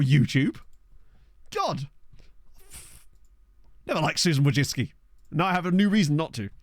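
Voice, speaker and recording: A young man with a Southern English accent and a voice on the high side chats casually into a desk microphone as he plays a game and responds to his stream chat. The audio is studio quality with no echo.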